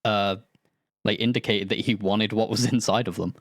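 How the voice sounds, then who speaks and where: A game master with a fairly low, steady voice chats casually after a tabletop session at a moderate pace. He rambles loosely, swearing and laughing mid-sentence, and the recording is studio quality with no room sound.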